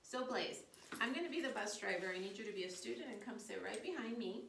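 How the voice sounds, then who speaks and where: A woman's voice: medium pitch, lively intonation, fast, vocal fry, fairly bright tone. A woman leading a children's yoga storytime, playful and encouraging as she guides a child through poses. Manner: encouraging, playful, upbeat with kids. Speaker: kids yoga teacher and storyteller. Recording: echoey room, distant mic, faint background noise.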